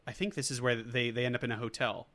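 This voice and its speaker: Podcast co-host, man, relaxed and chatty, repeats favorite lines with a laugh. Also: medium pitch, fast talker. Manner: laid-back, echoes quotes back and laughs. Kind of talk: casual movie podcast chat.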